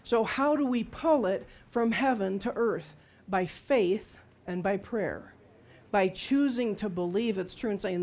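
A woman's voice: mid-range voice, unhurried, darkish tone. Woman preaching with conversational humor. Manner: conversational, humorous storytelling with acted-out quotes. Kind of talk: sermon.

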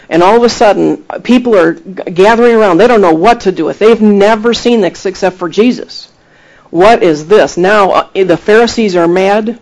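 Male preacher, sermon delivery, fairly high voice, emphatic, storytelling with quoted voices. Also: a little mellow, poor audio. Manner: emphatic, rising to exhortation.

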